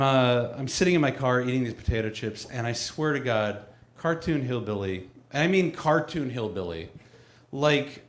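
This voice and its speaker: A male stand-up comedian spinning a story in a wry, self-deprecating way. His voice sits a bit high for a man and rings around an echoey room. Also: a bit bright.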